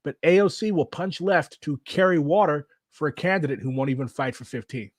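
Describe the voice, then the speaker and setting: A man's voice: fairly high pitch, a little fast, dry recording, clean studio sound. A man giving casual, blunt political commentary while reacting to clips, swearing and saying "like" a lot. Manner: blunt, animated, swears, fillers like "like".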